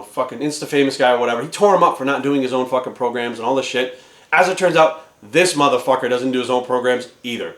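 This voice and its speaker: A fitness trainer ranting angrily at the camera, swearing constantly and sounding exasperated. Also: male voice, mid-range voice. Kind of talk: profane ranting vlog. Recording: echoey room.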